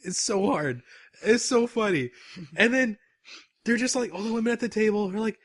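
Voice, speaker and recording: A young man co-hosting a podcast, telling an animated anecdote and laughing often at his own story. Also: sits high, moderate pace, no echo, studio quality. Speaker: podcast co-host.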